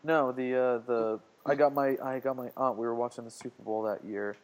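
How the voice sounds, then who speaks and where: A man in a casual podcast chat, telling stories in a joking way and laughing often. His voice sits in an ordinary middle pitch. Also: steady tone, fairly quick. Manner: jokey, laughs a lot, swears. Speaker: podcast co-host.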